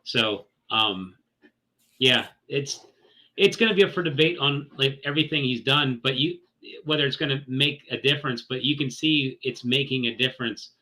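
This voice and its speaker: A man's voice: medium pitch, moderate pace, pushed and bright, low-quality recording. A man co-hosting a live trading stream, thinking aloud in a loose, hesitant way. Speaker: stream co-host reading comments. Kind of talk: casual livestream chat.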